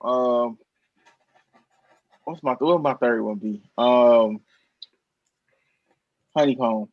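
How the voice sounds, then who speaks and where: A man co-hosting a podcast, easygoing and quick to laugh in casual chat. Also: mid-range voice, steady tone, lo-fi sound. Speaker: podcast co-host.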